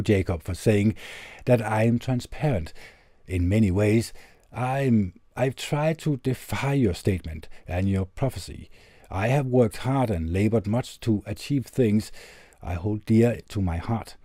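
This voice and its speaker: A man hosting a podcast, reading a heartfelt letter aloud and then reflecting on it in an earnest, measured, gentle way, into a tube condenser studio mic. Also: fairly low pitch, expressive, dry recording. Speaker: podcast host.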